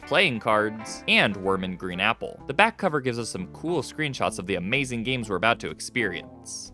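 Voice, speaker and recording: A young man hosting a comedic commentary video, recapping things with sarcastic, deadpan asides. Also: medium pitch.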